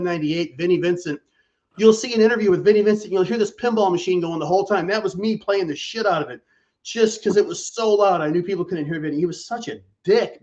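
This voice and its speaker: A man telling a story in casual chat, animated and profane. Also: high-pitched, dull audio.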